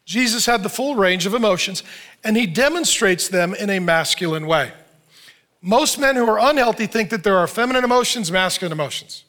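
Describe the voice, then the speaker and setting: A middle-aged man preaching a sermon in an animated, joking way. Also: high-pitched. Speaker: pastor.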